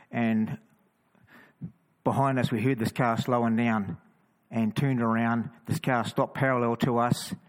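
New Zealand man telling lively road stories. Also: medium pitch, rough recording. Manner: lively, stumbling restarts, chatty asides. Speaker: cross-carrying Christian walker. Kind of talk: casual storytelling testimony.

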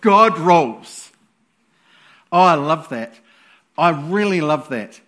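A male preacher with a high voice delivers a sermon at a slow, unhurried pace. His manner is animated and playful, and he breaks into sudden loud exclamations.

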